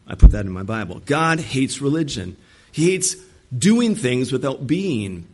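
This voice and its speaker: A man's voice: medium pitch, darkish tone, breathy edge. Emphatic man preaching a sermon. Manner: emphatic, acts out quoted voices. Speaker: pastor.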